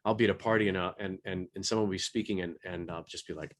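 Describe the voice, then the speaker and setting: Middle-aged male panelist, low-pitched, animated, stumbles and restarts often. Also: quick pace, hardly any pauses. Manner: animated, frequent restarts and repeated words. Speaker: audiobook narrator. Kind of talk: panel discussion.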